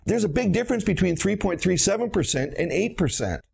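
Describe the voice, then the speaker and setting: A man's voice: sits high, lively intonation, fairly quick, gravelly, darkish tone, slightly rough. A middle-aged man, a dentist, lecturing bluntly on practice finances with emphatic storytelling and rhetorical questions.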